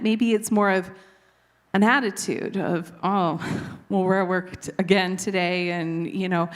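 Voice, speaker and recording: Unhurried woman with a light Canadian accent. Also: medium pitch. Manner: earnest, conversational, occasional laughs at herself. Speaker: Bible teacher. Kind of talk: devotional teaching.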